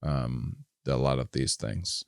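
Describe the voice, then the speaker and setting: A man's voice: rumbling low, slow, gravelly, darkish tone, no echo, clean studio sound. A middle-aged man co-hosting a casual podcast, rambling and self-deprecating as he reads survey questions aloud. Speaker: podcast co-host.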